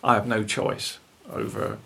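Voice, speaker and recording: An older man, talking earnestly about faith as a guest, with a gravelly, husky voice and tag questions. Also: unhurried, fairly bright tone. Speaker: guest speaker.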